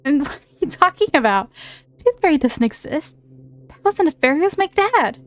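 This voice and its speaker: A woman's voice: high-pitched, sing-song, normal speed. A woman reading the lines of a blunt, skeptical young girl in a video game.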